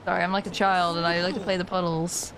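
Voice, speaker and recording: A woman streams a game live, chatting casually yet passionately and laughing often. Her voice is lowish, with flat delivery, a quick pace, and a fairly bright tone, against slight background noise.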